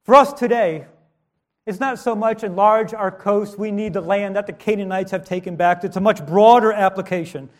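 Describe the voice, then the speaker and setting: A man's voice: high-pitched, normal speed. A man preaching a sermon with strong emphasis, rising and dropping his voice, with modest asides.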